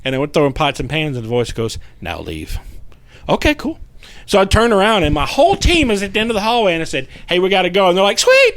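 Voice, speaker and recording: A man, a paranormal investigator guest telling a story in casual podcast chat, animated and profane, acting out what people said. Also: high-pitched, racing, no room sound.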